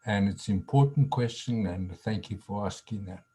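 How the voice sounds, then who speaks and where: A man's voice: lowish voice, moderate pace, dark tone, rough recording. A man speaking as a guest teacher in a casual spiritual conversation over a video call, earnest and repeating his words.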